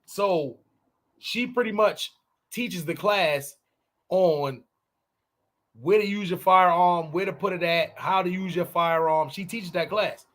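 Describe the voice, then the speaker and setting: A man co-hosting a podcast, telling stories in loose, profane casual chat and breaking into shouted impressions. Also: high-pitched, slow pace. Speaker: podcast co-host.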